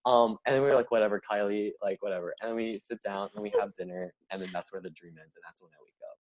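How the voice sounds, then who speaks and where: A man's voice: fairly low pitch, racing, darkish tone, highs cut off. A young man telling a long story in casual chat, rambling and leaning on "like" a lot. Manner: rambling, heavy filler "like". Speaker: podcast co-host.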